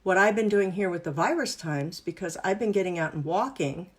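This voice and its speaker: A woman's voice: lowish voice, lively intonation, brisk, breathy edge. Brief: woman coach, upbeat and playful, instructive workshop host. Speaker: wellness and business coach. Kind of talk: live online workshop teaching exercises.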